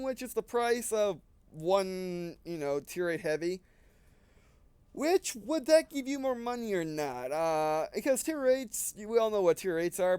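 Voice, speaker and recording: A man with a high-pitched, smooth voice talks through a game in a casual, rambling way, short of breath and often backing up to fix what he said. The sound is dry and close. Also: a little mellow, dry recording. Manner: rambling, often restarting and correcting himself. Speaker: gaming video creator. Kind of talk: casual gameplay commentary.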